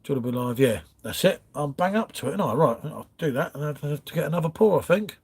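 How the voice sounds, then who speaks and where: A man's voice: on the high side, animated, fast talker, darkish tone, breathy edge. Chatty man on a livestream. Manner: chatty, rambling, calls viewers mate. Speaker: livestream host. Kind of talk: casual live chat reading comments. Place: home front room.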